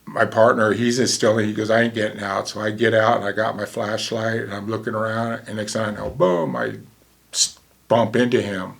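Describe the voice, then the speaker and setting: A man's voice: lowish voice, little pitch movement, normal speed, vocal fry, a bit bright. A man in his sixties, a former paramedic, telling a vivid story in a casual way and acting out the dialogue.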